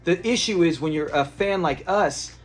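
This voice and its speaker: A man with a slightly higher voice talks through a classic sitcom episode in an easygoing, rambling way. He circles back on his own sentences and restarts often. Faint music plays softly under him. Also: normal speed. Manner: chatty, rambling retelling with restarts. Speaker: episode review host. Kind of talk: casual episode breakdown.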